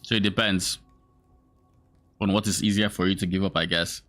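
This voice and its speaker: A man's voice: deep voice, fairly even intonation, normal speed, fairly bright tone, faint music behind. A man chatting casually about a game, thinking aloud and weighing his options. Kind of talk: casual chat.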